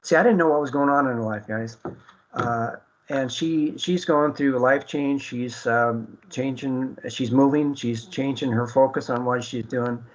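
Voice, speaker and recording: A man's voice: medium pitch, fairly even intonation, a little slow, muffled recording. A man hosting an internet radio talk show, speaking earnestly with many fillers and restarts.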